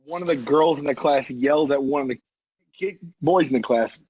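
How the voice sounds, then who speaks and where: A man with a high-pitched voice tells an animated anecdote in casual chat. His tone is husky and a little breathy, and he keeps stressing he is not kidding. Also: normal speed, low-quality recording.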